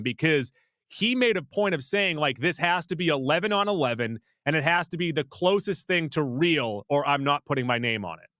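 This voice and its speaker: Animated man co-hosting a movie podcast. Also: dry recording, clean studio sound. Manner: animated, playful, jumps pitch for emphasis. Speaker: podcast co-host. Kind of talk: casual chat.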